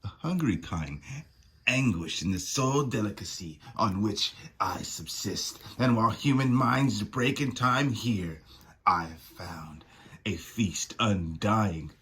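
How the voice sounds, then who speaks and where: A man's voice: fairly low pitch, animated, takes it slowly, fairly bright tone, breathy edge, heavily acted. A man voicing a cruel female nightmare demon queen who taunts and mocks with gloating laughs. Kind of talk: reading comic dialogue aloud.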